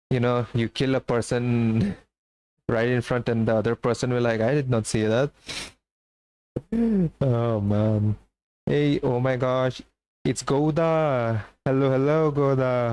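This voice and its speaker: Slow-talking chatty male streamer. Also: mid-range voice, a little mellow, smooth, poor audio. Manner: chatty, greeting viewers, playful. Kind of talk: casual livestream chat.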